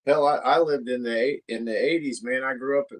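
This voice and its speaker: A man's voice: mid-range voice, fairly even intonation, a little fast, no echo. A man in his forties who grew up in North Las Vegas, chatting casually on a podcast with laid-back, short replies. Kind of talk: casual chat.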